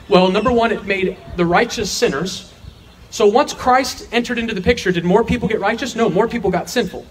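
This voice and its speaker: A man's voice: sits high, fairly bright tone, a little hiss or hum. A man teaching a verse-by-verse sermon, earnest and emphatic, asking rhetorical questions and answering them himself. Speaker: Bible teacher.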